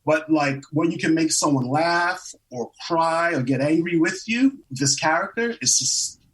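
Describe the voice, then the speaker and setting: A man in his twenties, an actor guest, telling stories in a casual interview, animated, laughing often and acting out quotes. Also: fairly high pitch, unhurried, distant mic, low-quality recording. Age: 20s.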